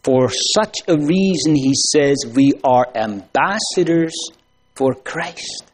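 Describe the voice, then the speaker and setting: A man preaching a sermon to a congregation, slow and solemn, building to emphatic pleading phrases. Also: a little high, lively intonation.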